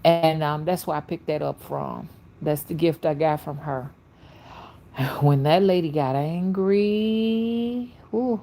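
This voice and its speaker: A woman hosting a casual livestream as a spiritual reader, with a soothing, melodic soft voice, greeting viewers by name and making folksy asides. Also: sits low, takes it slowly, long pauses, a little hiss or hum. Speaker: spiritual reader and channel host.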